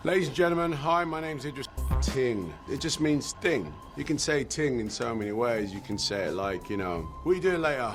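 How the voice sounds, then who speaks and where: Brief: easygoing London slang explainer, done by a man, lower than his usual voice, music clearly under it. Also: animated, brisk, fairly bright tone, natural voice. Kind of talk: live-streamed impression. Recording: music behind the voice.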